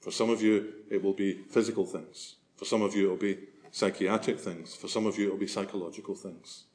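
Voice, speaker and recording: A man's voice: on the low side, steady tone, a little fast, a little mellow. A man preaching a sermon as a priest, earnest and swelling to emphasis on key phrases.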